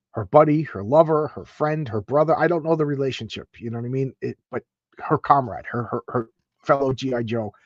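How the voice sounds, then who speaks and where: A man gushing over a comic book page by page, excitable and often stumbling and restarting. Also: mid-range voice, dry recording, muffled recording. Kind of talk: enthusiastic comic page read-through.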